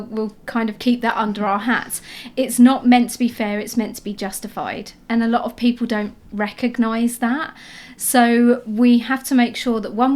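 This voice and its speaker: A woman talks through HR advice in a frank, chatty way. Her voice sits on the higher side, and she speaks straight to her listeners like a co-host. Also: a little mellow. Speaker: HR adviser and podcast co-host. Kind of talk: casual advisory chat.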